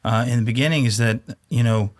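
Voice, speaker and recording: A man's voice: medium pitch, brisk, no echo, clean studio sound. A man, a father of boys, talking in a casual podcast discussion in a reflective, thinking-aloud way.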